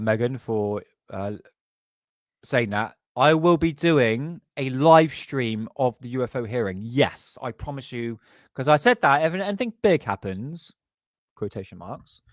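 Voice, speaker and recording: A man's voice: medium pitch, no room sound. Guy doing a live stream, sarcastic jokey chat, dry close sound. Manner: chatty, sarcastic, jokey asides. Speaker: livestream host. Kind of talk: casual live commentary.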